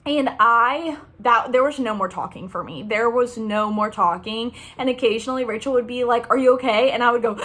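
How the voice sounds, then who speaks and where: A woman's voice: on the high side, a bit bright. Bubbly chatty young woman. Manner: bubbly, chatty, lots of "like" fillers. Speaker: running vlogger. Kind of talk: casual race recap.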